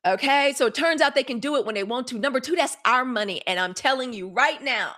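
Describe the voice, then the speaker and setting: Fired-up Southern woman, higher voice. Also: expressive, brisk, sharp tone. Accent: Southern US, Mississippi. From Mississippi, US. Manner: fired-up, blunt, profane, talks to viewers as "y'all". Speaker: live news show host. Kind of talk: casual live-stream commentary.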